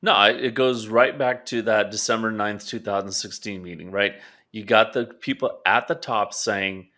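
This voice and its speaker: A man's voice: on the low side, fairly even intonation, moderate pace, hardly any pauses, sharp tone. A man co-hosting a political talk show, casual and conversational, checking in with "right?". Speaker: podcast co-host. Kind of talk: political commentary chat.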